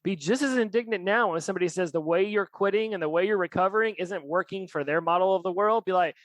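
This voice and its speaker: Man, podcast host; candid and reflective, a touch higher-pitched, dry close mic. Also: fast talker, fairly bright tone, no echo, poor audio. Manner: candid, reflective, swears casually. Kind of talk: casual podcast conversation.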